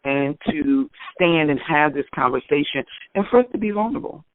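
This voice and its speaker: A woman's voice: moderate pace, dry recording. Emphatic middle-aged woman on a phone line. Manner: warm-hearted, emphatic, with excited pitch jumps. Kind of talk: call-in radio discussion. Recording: tinny phone-line sound, dry.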